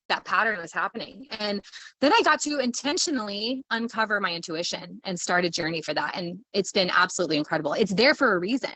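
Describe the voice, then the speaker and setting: Bubbly bright-voiced woman coach. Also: medium pitch. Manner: bubbly, enthusiastic, playful. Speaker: leadership coach hosting a live stream. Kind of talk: casual motivational live talk.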